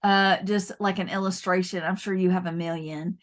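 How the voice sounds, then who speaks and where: A woman's voice: lowish voice, steady tone, moderate pace. A woman hosting an interview, effusive and affirming as she draws out her guest. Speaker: interview host.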